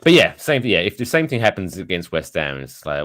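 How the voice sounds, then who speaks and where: A man co-hosting a casual sports podcast, telling stories in an animated way with heavy swearing. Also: deep voice, brisk. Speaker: podcast co-host.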